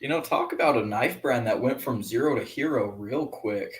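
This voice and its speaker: A man chatting casually as a co-host, easygoing and quick to laugh along. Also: medium pitch. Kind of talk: casual chat.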